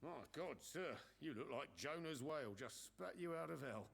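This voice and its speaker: An actor playing a gruff, world-weary male bartender in a video game, with a blunt, wry way of talking. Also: a little high, lively intonation, moderate pace, a bit bright, slight background noise.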